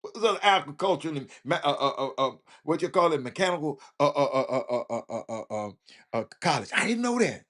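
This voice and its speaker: A man hosting a casual talk show, rambling and stammering through comments with loud exclamations. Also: fairly high pitch, lively intonation, fast.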